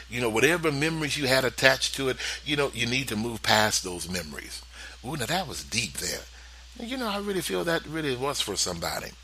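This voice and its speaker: Man, spiritual talk host, bright tone, very animated pitch, chuckles often, soft music behind. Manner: lively, chuckling, speaks straight to listeners. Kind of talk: inspirational radio talk.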